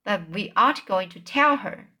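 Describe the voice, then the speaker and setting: A woman reading the lines of an excitable, bold little girl in a children's book read aloud. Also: mid-range voice, normal speed. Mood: eager.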